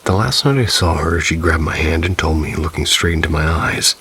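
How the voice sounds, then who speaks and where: Male narrator, very low and gravelly, calm measured read of ghost stories. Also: slight background noise, rough recording. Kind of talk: scripted narration.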